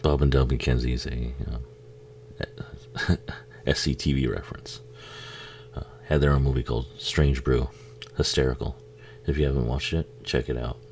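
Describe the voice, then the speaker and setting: A man with an extremely deep, gravelly voice talks along with a movie he is watching. He swears freely, laughs and cracks crude jokes at the screen. A faint hum sits under the recording. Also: steady tone, normal speed, pauses often, darkish tone. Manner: profane, laughing, jokey, talks back to the screen. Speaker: film commentary host. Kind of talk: casual movie commentary.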